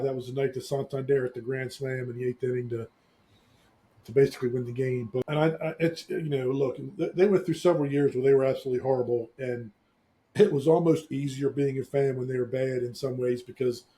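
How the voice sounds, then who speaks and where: A man's voice: mid-range voice, warm tone. Wry, teasing man co-host. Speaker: podcast co-host. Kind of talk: casual chat.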